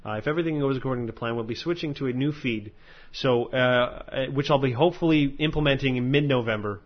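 A man hosts a casual podcast, rambling through his thoughts with many fillers and easy swearing. His voice sits at an ordinary pitch. The recording is a bit dull and lo-fi. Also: fast. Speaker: podcast host. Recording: slightly dull lo-fi audio.

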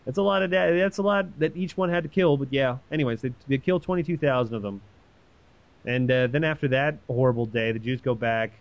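A man's voice: medium pitch, a little fast, dry recording, lo-fi sound. A man casually retelling a story in an irreverent, profane way, acting out the quoted voices. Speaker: podcast host retelling a story.

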